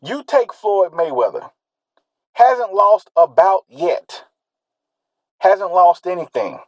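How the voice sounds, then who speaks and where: A man's voice: high voice, sing-song, slow, no room sound, low-quality recording. A man delivering a solo commentary monologue, emphatic and repetitive, drawing out stressed words and firing rhetorical questions.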